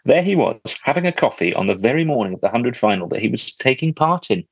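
A man's voice: mid-range voice, big pitch swings, quick pace, breathy edge, dry recording, dull audio. A man hosting a casual podcast, reading out listener letters with a jokey, teasing manner. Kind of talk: casual chat.

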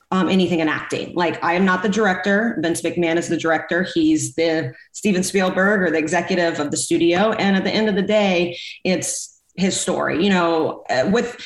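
A woman in her thirties, a former pro wrestler, telling animated stories in a casual interview and acting out what people said. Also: on the low side. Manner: animated, acts out quoted people. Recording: roomy echo.

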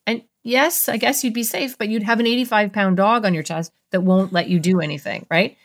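In a podcast interview, this middle-aged female therapist talks briskly at a medium pitch, barely pausing. Her delivery is animated as she explains ideas, performing small voices to illustrate her examples.

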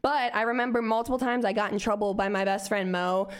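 A woman's voice: mid-range voice, fast talker, clean tone. A young woman telling a story in casual talk, swearing freely and acting out the voices of the people in it. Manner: animated, swears freely, acts out quoted voices. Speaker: podcast guest.

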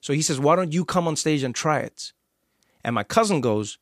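A man with a South African accent, hosting a casual conversation and telling stories with lively acted-out quotes. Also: on the high side, brisk. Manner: animated storyteller, acts out quoted voices. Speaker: podcast host.

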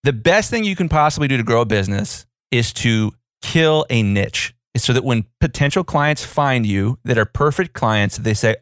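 A playful male co-host explains ideas through everyday examples. His voice sits at middle pitch, and the close mic gives it a dry sound with no room around it. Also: animated, moderate pace, hardly any pauses, fairly bright tone, no echo. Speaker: podcast co-host. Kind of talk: casual podcast chat.

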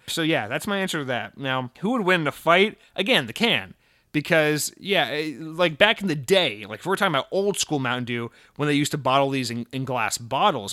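A man hosting a casual podcast, talking in a loose, profane way that swings from loud excited rants down to low mumbled asides. His voice sits at an ordinary middle pitch. It is recorded close and dry, with almost no room sound. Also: no room sound. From Massachusetts. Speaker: podcast host. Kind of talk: casual chat.

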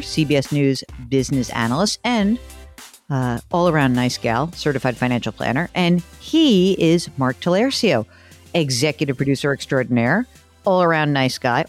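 A woman hosting a podcast, talking in a lively, chatty way with quick asides. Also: deep voice. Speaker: podcast host, financial analyst. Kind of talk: casual chat.

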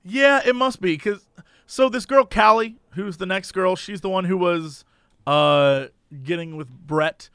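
A man casually recapping a reality show, telling stories with lively put-on voices for the people in it. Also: high voice, measured pace, smooth, no echo, studio quality. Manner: animated storyteller, acts out quotes in voices. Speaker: podcast co-host.

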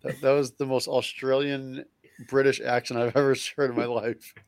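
A man's voice: medium pitch, little pitch movement, no room sound. Chatty man with a dry close sound. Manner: chatty, quick agreeing interjections. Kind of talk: casual sports chat.

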